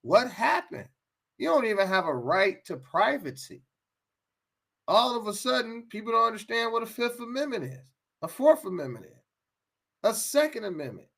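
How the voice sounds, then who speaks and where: A man's voice: high voice, sing-song, moderate pace, creaky, fairly bright tone. An American man giving an impassioned talk, emphatic, often repeating and restarting his phrases. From United States.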